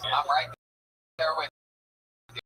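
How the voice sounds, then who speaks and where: A man hosting a stand-up comedy show, introducing comics with loud, hyped-up energy on a club stage. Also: a little high, monotone, slow pace, recorded from a distance, noisy background.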